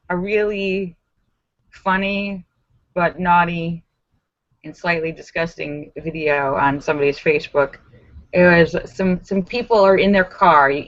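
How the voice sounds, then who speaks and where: A woman hosting a casual live stream from home, chatting with viewers and telling stories with animated voiced reactions. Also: on the low side, no echo. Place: home in Los Angeles. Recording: dull lo-fi sound.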